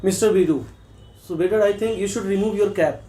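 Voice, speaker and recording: A man from Bihar speaks with an Indian accent as he conducts a mock job interview and presses the candidate hard. His voice is slightly high and mellow. It carries a noticeable room echo with faint background noise. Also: brisk. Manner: probing, challenging questions.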